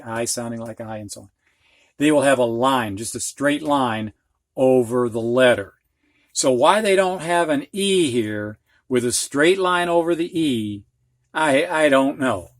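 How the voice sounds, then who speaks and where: A man's voice: mid-range voice, dry recording. A man with a Midwestern accent teaching reading, explaining dictionary pronunciation symbols in a frank, plainspoken way and drawing out sounds to demonstrate them. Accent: American Midwest. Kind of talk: slow, explanatory lesson.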